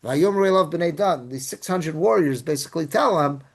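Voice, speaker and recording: A man teaching as a rabbi, reading Hebrew verses and then retelling them in casual, animated English. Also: fairly high pitch, moderate pace. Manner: animated storytelling. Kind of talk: Torah class.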